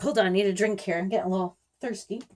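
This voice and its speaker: A woman's voice: medium pitch, fairly even intonation, rapid-fire, a little mellow. A middle-aged woman telling a story to her viewers in a chatty, rambling way, with small laughs slipped between words. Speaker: YouTuber warning viewers about scammers. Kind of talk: casual storytelling to camera.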